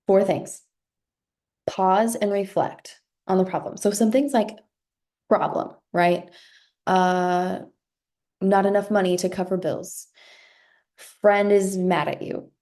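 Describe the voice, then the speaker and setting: A woman's voice: mid-range voice, fairly even intonation, takes it slowly, pauses often, mellow. A woman in her thirties, a life coach and podcast host, giving an earnest motivational talk, often repeating words and tagging thoughts with a rhetorical "right?".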